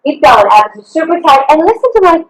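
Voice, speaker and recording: A woman's voice: sits high, sing-song, a little fast, roomy sound, rough recording. A woman fitness coach leading an online workout, upbeat and encouraging, counting reps and whooping, a little out of breath. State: slightly out of breath. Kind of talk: live online workout instruction.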